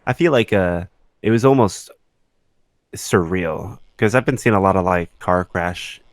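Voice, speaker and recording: A man co-hosting a podcast in casual chat, laid-back and quick to laugh along. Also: sits low, no echo. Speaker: podcast co-host.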